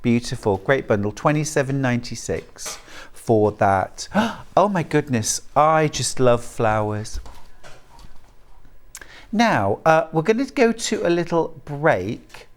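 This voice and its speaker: A woman's voice: rumbling low, big pitch swings, takes it slowly. A woman with a British accent presenting live on a shopping channel, gushing over fabrics as she sells them. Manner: gushing, enthusiastic. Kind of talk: live selling patter. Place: TV studio.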